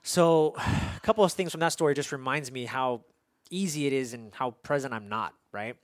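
A man's voice: mid-range voice, normal speed, no echo, clean studio sound. A man in his thirties hosting an interview, earnest and rambling, with many restarts as he reflects on parenting. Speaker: podcast host and father. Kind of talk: conversational interview.

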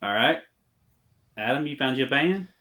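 A man's voice: medium pitch, animated, unhurried, bright, forceful tone. A man hosting a casual game show round on a podcast, playfully laying down the rules. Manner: playful, bossy in jest.

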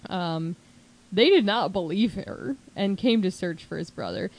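A woman's voice: on the low side, a little slow, low-quality recording. Chatty woman telling a true crime story. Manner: chatty, animated, says "like" often, puts on voices for quotes. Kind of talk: casual storytelling chat.

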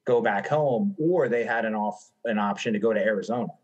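A middle-aged man from the eastern United States who works as an insurance underwriter, speaking in a relaxed, reflective way with some hesitations. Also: fairly low pitch, fairly quick, husky, lo-fi sound. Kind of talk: casual conversation.

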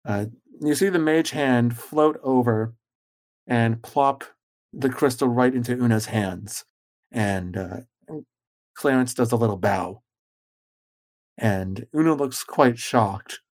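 A man narrating as game master, relaxed, with a lot of filler words. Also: mid-range voice, takes it slowly.

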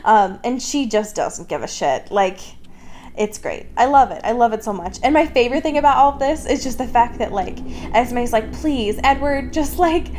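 A woman co-hosting a casual chat, recapping scenes with lots of laughter and quick mock character voices. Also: on the high side, animated, darkish tone, a little hiss or hum. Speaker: podcast co-host. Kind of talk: casual book discussion chat.

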